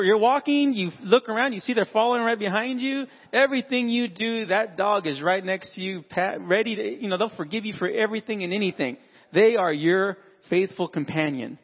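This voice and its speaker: A man's voice: high voice, in a large hall, muffled recording. A man addressing fathers at church in a conversational, sermon-style talk, acting out everyday dialogue. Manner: conversational, acts out dialogue with animated voices.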